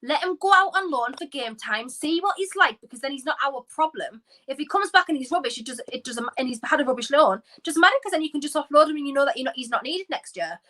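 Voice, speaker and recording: Woman co-host, bright voice, casual opinionated football chat. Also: sits high, low-quality recording. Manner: animated, opinionated, quick asides. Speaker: podcast co-host.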